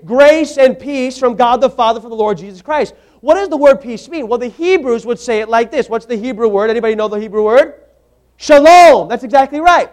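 A man's voice: very high-pitched, darkish tone. A man preaching a sermon, emphatic, repeating words for stress and putting questions to the congregation.

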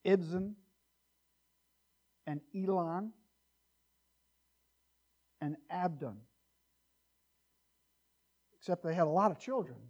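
High-voiced animated male preacher. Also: takes it slowly, pauses often, muffled recording. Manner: animated, joking asides, varies loudness widely. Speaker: pastor. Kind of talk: expository sermon. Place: church.

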